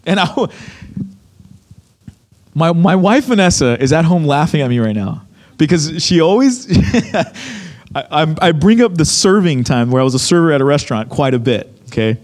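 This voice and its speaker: The young man, a pastor, preaches through a story packed with dramatized quotes, telling it in a lively way. His pitch is fairly high, his speed normal, and he pauses often.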